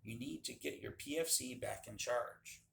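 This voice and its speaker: Man doing a gentle motherly woman, storybook, soothing, gravelly, roomy echo. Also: mid-range voice, moderate pace, slight background noise. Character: kind older woman, gentle librarian type. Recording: echoey room.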